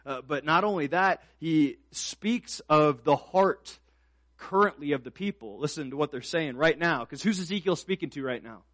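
A man preaches a sermon in a slightly raised voice, recorded close and dry. He moves between hushed, reflective stretches and loud, driving emphasis, with casual asides and fillers to his congregation. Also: a little high, expressive, moderate pace, no echo. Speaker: pastor.

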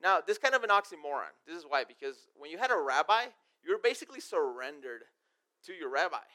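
Smooth-voiced man preaching casually. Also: fairly high pitch, big pitch swings, fast talker, pushed and bright. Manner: conversational, reads verses then explains them in plain everyday terms. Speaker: pastor. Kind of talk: casual sermon with scripture reading.

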